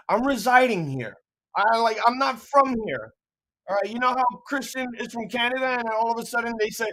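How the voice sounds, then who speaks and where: A young adult with a New York accent co-hosts a live reaction stream in loose, casual talk. The voice swings widely in pitch as it rants, jokes and swears. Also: lively intonation, a little fast, poor audio. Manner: loud, profane, joking rants.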